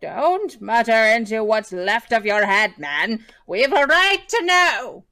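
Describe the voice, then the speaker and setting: Woman putting on whining old man, high voice, slow and drawn out, storybook reading. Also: very animated, dry recording, heavily acted. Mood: demanding. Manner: whining, demanding. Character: whining white-haired old male magician.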